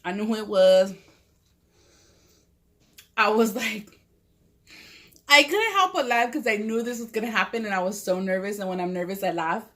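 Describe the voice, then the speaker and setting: A woman's voice: mid-range voice, animated, moderate pace, long pauses, fairly bright tone. A woman, telling a story in casual, profane, rambling talk full of "like" while eating at home. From Southern California. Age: 30s. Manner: profane, rambling, lots of "like" fillers. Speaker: mukbang vlogger. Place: at home with a cat.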